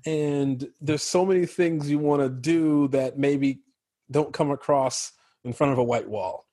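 American man, husky voice, dry close sound, animated storyteller, casual interview. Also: a little high, a little slow, no echo. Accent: General American. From Chicago. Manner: animated storyteller, laughs often. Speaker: actor guest.

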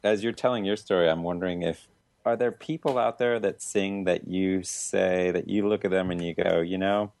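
A man interviewing a guest, asking slow, thoughtful questions. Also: sits low, steady tone, vocal fry, darkish tone, dry recording.

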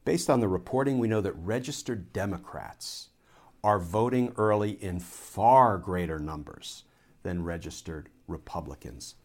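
A man with a somewhat low, slightly mellow voice delivers a political commentary monologue. Like the former courtroom lawyer he sounds like, he lays out his argument point by point in a measured, explanatory way.

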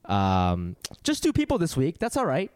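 Lively joking male podcast host. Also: mid-range voice, normal speed, no room sound. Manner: joking, rambling, laughs often. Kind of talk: casual comedic podcast chat.

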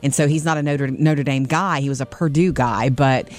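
A woman's voice: a bass voice, normal speed, darkish tone. A middle-aged woman co-hosting a morning radio show, chatty and digressive, laughing easily between stories. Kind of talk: casual show banter.

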